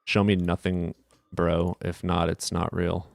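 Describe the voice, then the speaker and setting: Fast-talking, profane man streamer. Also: sits low, flat delivery, gravelly, dry recording, studio quality. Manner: rapid, profane, offhand. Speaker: streamer answering chat. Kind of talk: casual livestream chat.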